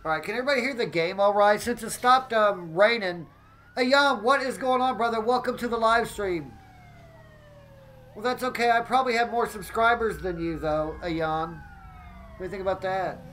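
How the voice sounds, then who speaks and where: A man giving excitable live gameplay commentary as a streamer, often exclaiming and greeting his chat. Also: high-pitched, normal speed, a little hiss or hum, low-quality recording.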